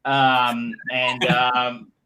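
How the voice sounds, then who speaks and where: A man's voice: mid-range voice, completely flat delivery, drawn-out words, pushed and bright. An Australian man co-hosting a podcast, chatting casually and telling jokey stories with lots of fillers. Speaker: podcast co-host. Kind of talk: casual chat.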